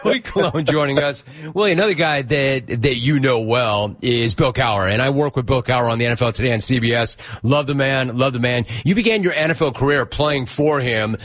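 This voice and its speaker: A man's voice: medium pitch, fairly quick, few pauses, a bit bright. A man hosting a sports talk show, interviewing a guest in an enthusiastic, emphatic way and repeating words for stress. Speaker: sports radio host.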